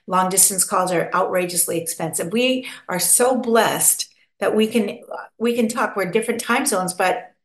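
A woman guest in a relaxed interview, her voice ringing in a noticeably roomy, echoey space. She tells her stories with lively energy, slipping into quoted voices and breaking into laughter, at a middling pitch for a woman. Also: moderate pace. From North America. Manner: animated storyteller who acts out quotes and laughs often. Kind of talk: casual interview chat. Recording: echoey room.

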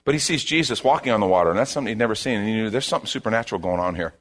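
A man preaching a sermon as a pastor, in an animated, conversational way, repeating his key phrases. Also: lowish voice, racing.

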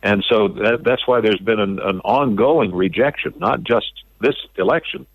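A man giving opinionated political commentary as a radio guest, measured and repeating words as he builds his points. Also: on the low side, no echo. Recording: dull lo-fi radio audio.

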